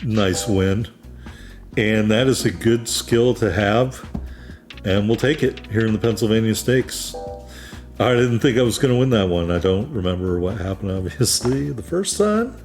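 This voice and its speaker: A man from New England talks through a horse racing video game in an easygoing, wry, self-deprecating way. His voice sits somewhat low, and soft game music plays faintly behind him. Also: expressive, measured pace. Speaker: gaming YouTuber. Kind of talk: let's play commentary.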